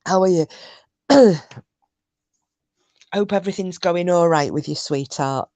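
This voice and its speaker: A woman's voice: lowish voice, a little slow, dark tone, no room sound. A woman from Scotland chatting casually on a livestream, rambling and answering viewers' comments. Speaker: livestream host. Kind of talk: casual chat with live chat viewers.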